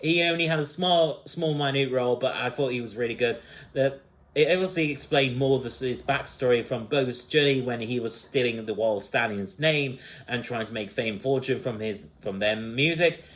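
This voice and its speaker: A man's voice: medium pitch, normal speed, a bit bright. Rambling, giggly man reviewing a movie. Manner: rambling, with many fillers and frequent giggling laughs. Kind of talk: casual spoken movie review.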